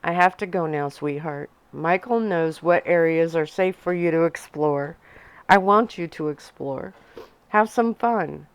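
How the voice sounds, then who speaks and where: A calm, protective vampire father who speaks in a gentle, measured way, voiced by a woman. His voice sits fairly low and comes through smooth and clean. It is part of a soft ASMR storybook reading. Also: dry recording.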